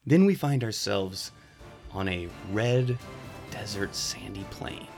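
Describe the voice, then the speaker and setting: Low-voiced man running a tabletop game. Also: lively intonation, slow, vocal fry, over music. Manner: casual, laughs at scenes. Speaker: game master.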